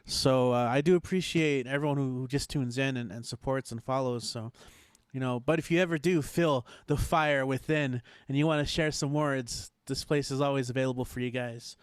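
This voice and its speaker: A man's voice: mid-range voice, moderate pace, clean tone, no room sound, clean studio sound. A man hosting an online open mic over a video call, talking casually with restarts and fillers. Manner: relaxed, hesitant, friendly shout-outs.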